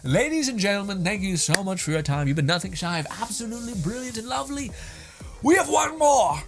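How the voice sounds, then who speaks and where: A young man chatting over clips in a casual reaction commentary, his pitch bouncing all over the place and sitting a touch high for a man. He rambles, laughs a lot and swears freely. Faint music plays underneath. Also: very animated, fairly quick, vocal fry, a bit bright. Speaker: host reacting to videos.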